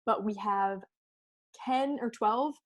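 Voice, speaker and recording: A woman co-hosting a casual eating show, upbeat and quick to react. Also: medium pitch. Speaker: co-host. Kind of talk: casual chat while eating.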